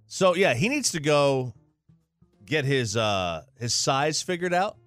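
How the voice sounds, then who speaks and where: A man's voice: a little high, big pitch swings, slow pace, fairly bright tone, dry recording, soft background music. A man hosting a radio talk show, giving blunt joking advice in casual banter. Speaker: radio show host reading listener letters.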